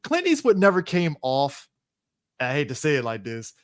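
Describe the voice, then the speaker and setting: A man co-hosting a casual movie podcast, rambling and expressive. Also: fairly high pitch, moderate pace. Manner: rambling, expressive, laughs easily. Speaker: podcast co-host.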